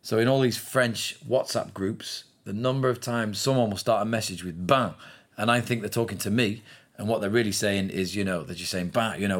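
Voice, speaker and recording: Male podcast host, lowish voice, chatty and self-deprecating. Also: brisk, a bit bright. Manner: chatty, self-mocking, laughs easily. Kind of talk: casual news podcast chat.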